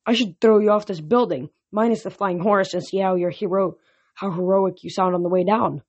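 A woman's voice: mid-range voice, fairly even intonation, a little fast, natural voice. A woman voicing a sneering, condescending male god who is bored with heroes. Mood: contemptuous. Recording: dull lo-fi recording.

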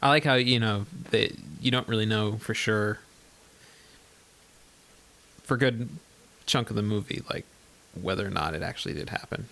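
A podcast co-host rambles through a casual film discussion, leaning heavily on fillers and laughing often. His voice is lowish, gravelly, and fairly bright, at a normal speed.

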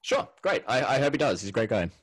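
A man's voice: medium pitch, sing-song, fast talker, slightly rough. A man co-hosting a casual chat podcast, rambling, laughing often and swearing offhandedly. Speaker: podcast co-host.

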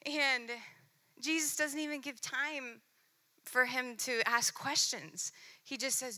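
A woman preaching a sermon, earnest and intimate, softening to near-whispers while reading scripture aloud. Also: high voice, slow.

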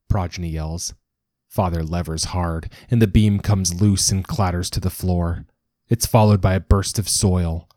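A man reading a dramatic story as narrator, in a measured storytelling manner. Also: sits low, mellow, dry recording, clean studio sound. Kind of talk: scripted narration.

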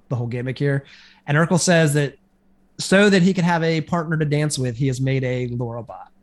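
A man casually recapping a TV episode on a podcast, rambling with lots of fillers. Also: mid-range voice. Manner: rambling, filler-heavy retelling. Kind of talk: casual chat.

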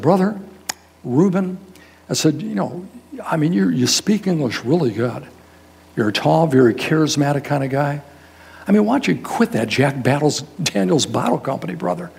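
An older man, a guest pastor, telling a story in a sermon in a folksy, animated way, acting out the people in it. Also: a little high, creaky, slightly rough. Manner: animated, folksy, quotes people in raised voices.

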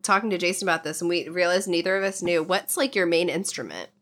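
A woman co-hosting a podcast, chatting casually with quick asides. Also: fairly low pitch, lively intonation, a bit bright. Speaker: podcast co-host. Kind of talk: casual chat.

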